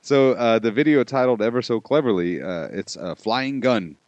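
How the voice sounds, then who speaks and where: A man's voice: mid-range voice, moderate pace, a little mellow, dry recording, lo-fi sound. A man co-hosting a podcast in loose, casual chat, laughing often and swearing freely. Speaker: podcast co-host.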